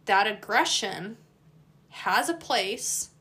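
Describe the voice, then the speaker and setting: Woman host, dog trainer, bright and animated, casual and profane. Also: medium pitch, takes it slowly. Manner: animated, swears freely, acts out dog voices. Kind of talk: casual chat.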